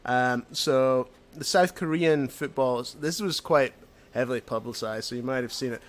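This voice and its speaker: Podcast guy reading out news stories, jokey and teasing, mid-pitched voice. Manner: jokey, teasing, quick asides. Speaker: podcast co-host. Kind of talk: casual chat.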